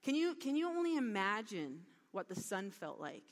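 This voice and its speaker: A woman giving a sermon, retelling a parable with lively storytelling and acted-out lines. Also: mid-range voice, moderate pace. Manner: animated storytelling with acted-out dialogue. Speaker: preacher. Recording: long hall reverb.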